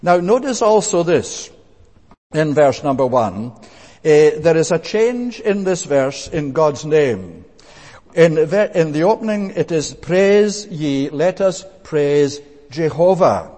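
A man's voice: fairly high pitch, expressive, slow, warm tone, big-room sound. A man preaching a sermon, earnest and emphatic, repeating phrases for weight.

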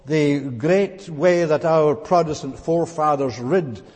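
A man with a slightly raised pitch and a husky edge preaches a verse-by-verse sermon. He explains each point in a deliberate, teacherly way and pauses often on small fillers. His voice carries a long reverb from a church hall. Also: darkish tone. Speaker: pastor. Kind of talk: expository Bible sermon.

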